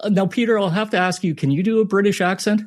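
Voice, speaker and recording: A man's voice: high-pitched, fast talker. A man hosting a casual history podcast chat, playful and sarcastic. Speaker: podcast host.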